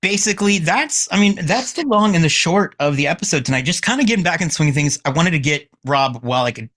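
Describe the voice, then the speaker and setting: A man hosting a podcast, chatting casually and teasing his guest with rapid-fire questions. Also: a little high, expressive, a bit bright. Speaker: podcast host. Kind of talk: casual chat.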